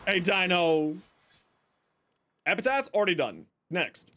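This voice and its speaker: A man's voice: high voice, very animated, takes it slowly, a bit bright. A male streamer chatting casually to his viewers while playing, rambling and joking at his own expense. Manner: rambling, self-mocking, talks to chat. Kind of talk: casual gaming livestream chatter.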